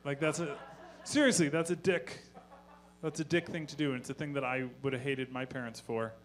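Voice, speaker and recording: A man doing a stand-up comedy set on stage, telling stories in a deadpan voice with profane asides. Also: mid-range voice, fairly quick. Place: live comedy venue on stage.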